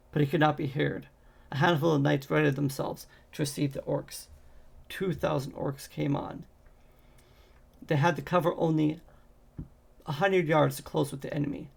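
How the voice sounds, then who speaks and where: A man reading a fantasy novel aloud in a steady way, with occasional slips and restarts. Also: on the high side, gravelly. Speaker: audiobook reader.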